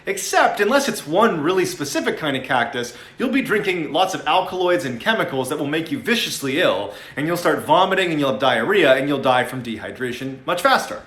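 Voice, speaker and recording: A man's voice: fairly high pitch, lively intonation, a little fast, hardly any pauses, fairly bright tone. A man giving a dramatic, step-by-step telling of a survival scenario. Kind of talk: explaining scenario facts. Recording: echoey room.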